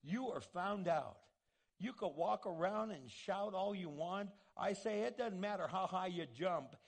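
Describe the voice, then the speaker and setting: A man's voice: sits high, moderate pace, creaky. A man preaching a sermon, emphatic and full of repeated rhetorical questions.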